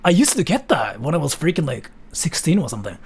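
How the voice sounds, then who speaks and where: A man from Japan talks casually to his chat, loose and full of fillers. His voice is slightly husky and his pitch swings widely as he rambles. He sounds easygoing and unscripted. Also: fast. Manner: loose and rambling, many fillers, lively ups and downs. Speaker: streamer answering chat. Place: VR chat room.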